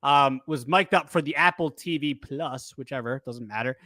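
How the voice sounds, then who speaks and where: A man in an easygoing sports podcast chat, his voice sitting at a middle pitch. He rambles, stalls on "um" and "uh", and restarts his sentences often. The sound is dry and close, with no room around it. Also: moderate pace, bright, forceful tone, no room sound. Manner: rambling, frequent fillers and restarts. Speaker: podcast co-host.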